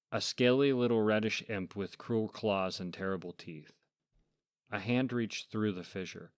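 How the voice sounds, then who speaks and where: Low-voiced man narrating dark horror tales. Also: no echo, clean studio sound. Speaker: horror story narrator and podcast host. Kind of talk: scripted first-person horror narration.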